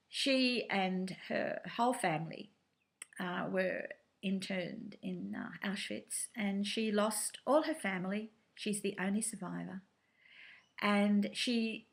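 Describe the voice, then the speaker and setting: A woman recounts a personal memory in an interview, quiet and reflective. She pauses often, with fillers and small restarts. Her pitch sits in an ordinary middle range. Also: gravelly. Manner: reflective, soft-spoken, hesitant with fillers. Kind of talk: personal storytelling.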